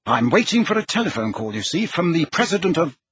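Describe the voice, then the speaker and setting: A man's voice: on the high side, sing-song, a bit bright, husky, no room sound, highs cut off, pitched above the performer's own voice, heavily acted. A man reading an audiobook, voicing a stiff, flustered prime minister who hesitates and stumbles. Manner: hesitant, halting.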